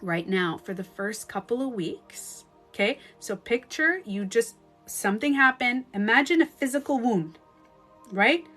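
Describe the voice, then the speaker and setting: A woman's voice: a little high, animated, a little slow, fairly bright tone, faint music behind. A woman relationship coach on a live stream, giving advice emphatically and acting out hurt voices with some swearing.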